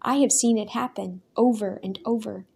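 A woman voicing a calm, thoughtful older fisherman in a read-aloud storybook, speaking quietly and evenly. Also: medium pitch, vocal fry, breathy edge. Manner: quiet and measured.

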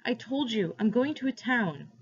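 A woman plays a terrified young peasant boy, raised high and pleading, stumbling over his words. The voice is husky and the recording dull and lo-fi. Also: lively intonation, moderate pace. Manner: pleading, stammering. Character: frightened hungry peasant boy.

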